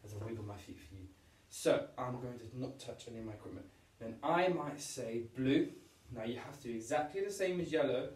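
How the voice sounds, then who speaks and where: A man's voice: medium pitch, lively intonation, quick pace, darkish tone. Upbeat man teaching a kids' PE class. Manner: upbeat, encouraging, demonstrating moves while talking. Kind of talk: home PE lesson for young children. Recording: roomy echo, voice from a distance.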